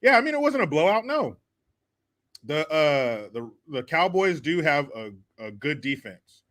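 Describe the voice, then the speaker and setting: A man's voice: fairly high pitch, sing-song, measured pace, fairly bright tone. A man hosting a profane comedy commentary show, laughing often, cursing and mocking the clips he reacts to.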